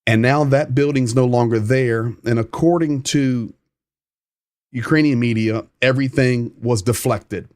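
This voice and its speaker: A man with a Southern American accent talks through a live-stream news update in an easy, conversational way. He often pauses with "um" and answers viewer comments as he goes. His voice sits at an ordinary middle pitch and sounds dry and close, with no room echo. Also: a little mellow. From United States.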